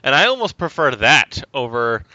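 A man co-hosting a casual chat, ranting and swearing with animated laughs, on a dry, slightly dull recording. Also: medium pitch, moderate pace, no echo.

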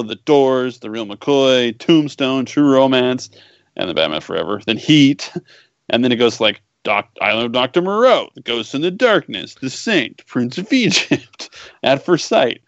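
A man's voice: medium pitch, animated, unhurried, dry recording. A man co-hosting a casual chat, joking wryly with lots of fillers, on a dry, slightly dull recording.

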